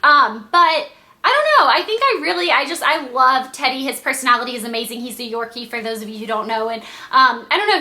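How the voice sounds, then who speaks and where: A young woman from Georgia chats through viewer questions for her beauty vlog, rambling and filling gaps with "like" and "um." Her voice sits high and sounds bright and sparkly. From Georgia, USA. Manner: chatty and rambling, full of "like" and "um". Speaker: beauty YouTuber. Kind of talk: casual Q&A vlog.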